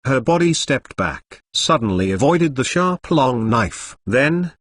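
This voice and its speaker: A male text-to-speech voice narrating a translated novel, reading the punctuation marks out loud. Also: medium pitch, big pitch swings, slow. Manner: reads punctuation aloud, like "exclamation mark" and "dot dot dot". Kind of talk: machine-read novel narration.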